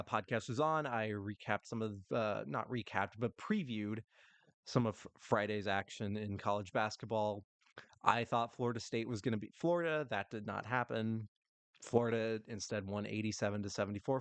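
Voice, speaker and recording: A man's voice: lowish voice, creaky, dry recording. A young man from the United States hosting a solo sports podcast, rambling and restarting sentences and laughing at himself. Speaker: podcast host. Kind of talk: solo casual sports talk.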